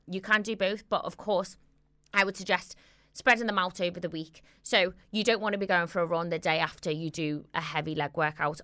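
A woman's voice: lowish voice, a bit bright, no echo, clean studio sound. A young woman with a Scouse accent hosting a radio show, answering listener questions in a chatty, encouraging, rambling way. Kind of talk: casual advice chat answering listener questions.

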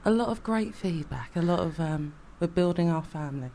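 A woman's voice: fairly low pitch, expressive, brisk, dark tone, a little hiss or hum. A woman guest on a radio show, the head of marketing for a restaurant, giving brief giggly answers on her first time on air. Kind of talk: radio interview.

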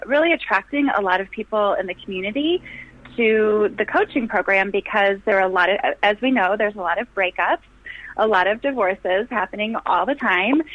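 A woman's voice: medium pitch, fairly bright tone, dry recording. Woman, middle-aged, enthusiastic phone-in guest, positive and chatty, dull lo-fi telephone sound. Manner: enthusiastic, positive, laughs easily. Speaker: phone-in guest, life coach. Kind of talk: upbeat radio interview.

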